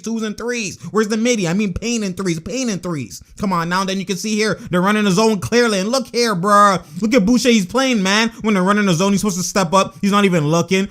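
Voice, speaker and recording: A young man giving excitable, slangy basketball reaction commentary and laughing often. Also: high voice. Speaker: sports vlogger.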